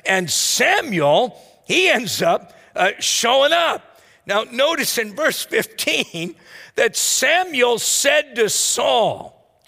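Male pastor, high and expressive, conversational sermon, reverberant church sound. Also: takes it slowly, creaky. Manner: lively, conversational preaching with rhetorical asides.

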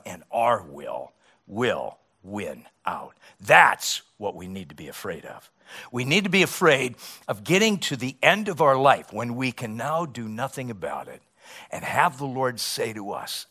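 A man preaching a sermon, swinging between soft, quiet passages and loud, emphatic ones. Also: mid-range voice, slightly rough. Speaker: pastor.

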